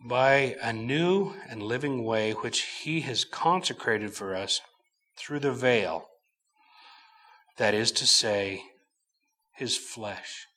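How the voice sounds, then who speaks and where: A middle-aged man preaching a sermon, teaching from scripture slowly and emphatically, swinging between loud bursts and quiet asides. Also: medium pitch.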